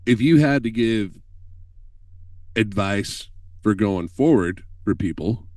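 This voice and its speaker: A man telling stories on a podcast call in an animated, profane way, laughing often. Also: on the low side, slow pace, dry recording, far from the mic. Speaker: guest filmmaker telling stories. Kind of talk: casual podcast chat.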